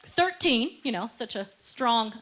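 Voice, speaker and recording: A woman doing a stand-up comedy set, animated and laughing through her punchlines as she acts out quoted voices, recorded live on a club stage with a handheld mic. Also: a little high, slow. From Canada. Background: audience laughter and room noise.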